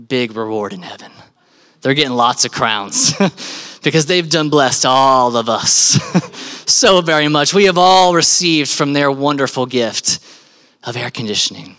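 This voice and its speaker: A young man preaching a sermon in an animated, joking style, laughing often. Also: mid-range voice. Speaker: pastor. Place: church stage.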